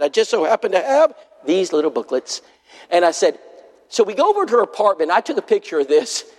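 High-voiced preacher man in reverberant hall. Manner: pleading, storytelling with quoted dialogue. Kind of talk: sermon.

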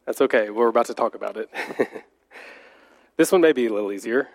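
A man's voice: mid-range voice, fairly quick. A man teaching a church Bible class, congested and slightly nasal from a cold, talking conversationally with fillers and restarts.

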